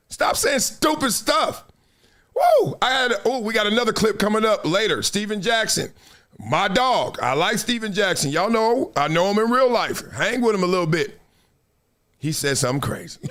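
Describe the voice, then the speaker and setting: High-voiced, animated middle-aged man hosting. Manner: animated, emphatic, laughs often. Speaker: host. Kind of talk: live sports talk show.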